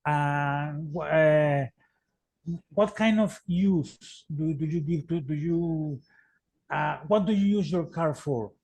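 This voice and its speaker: A man trainee playing a call center representative in practice, polite but halting. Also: on the high side, darkish tone. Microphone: video call.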